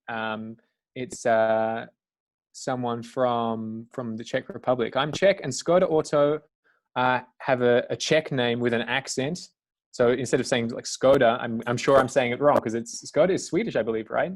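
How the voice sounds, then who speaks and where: A man's voice: mid-range voice, normal speed. A man hosting a live question-and-answer webinar, reading out audience questions in a loose, chatty way. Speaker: webinar host. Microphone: video call.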